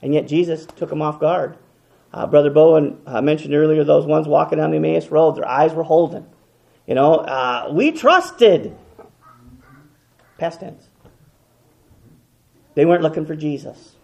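A man preaching a sermon, impassioned, swinging between loud and hushed, repeating words as he goes. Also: fairly high pitch, level tone, moderate pace, vocal fry, pauses often, lo-fi sound.

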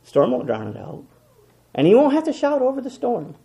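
Gravelly high-voiced preacher. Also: male voice, wildly swooping pitch, normal speed. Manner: impassioned, swinging from loud emphatic repetition to hushed quiet. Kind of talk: sermon.

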